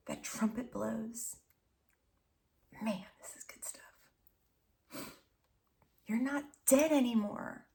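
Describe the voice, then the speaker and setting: A woman's voice: sits high, recorded from a distance. A woman giving a channeled tarot reading, intimate and emotional, often dropping to a whisper and calling listeners honey and baby. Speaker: tarot reader.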